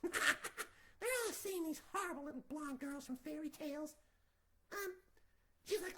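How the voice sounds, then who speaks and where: A woman's voice: high-pitched, a little slow, pauses often, background noise. A woman telling a fairy tale as a comic, improvised retelling in an offhand, giggly way with crude jokes. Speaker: storyteller.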